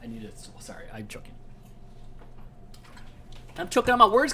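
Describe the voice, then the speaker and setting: A man's voice: medium pitch, huge pitch swings, moderate pace, bright, forceful tone. A man running a casual trivia game show live from his home setup. He talks in a playful, joking way and his voice swings widely up and down. A faint hiss sits under the recording. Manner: playful, jokey, easily distracted. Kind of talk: casual live-stream hosting.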